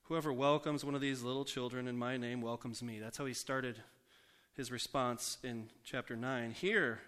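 A man's voice: medium pitch, fairly even intonation, clear, resonant tone. Man preaching a conversational sermon. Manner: conversational, asks the congregation questions; slows down and softens for scripture quotes.

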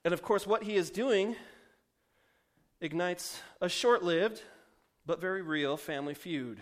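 Male pastor, fairly high voice, loose and jokey sermon delivery. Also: unhurried. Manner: joking, self-mocking, chatty with fillers.

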